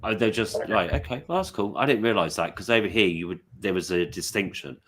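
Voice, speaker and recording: A man's voice: fairly low pitch, lively intonation, a little fast, noisy background. A man with an English accent chatting casually on a video call, teasing and laughing often. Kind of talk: casual livestream chat.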